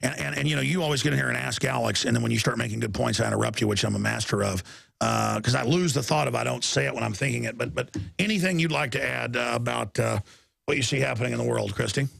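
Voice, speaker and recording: Gravelly tired guy ranting on his talk show, super dry studio sound. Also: mid-range voice, fairly even intonation, fast, fairly bright tone, dry recording. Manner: emphatic, repetitive, self-interrupting. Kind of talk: rambling political commentary.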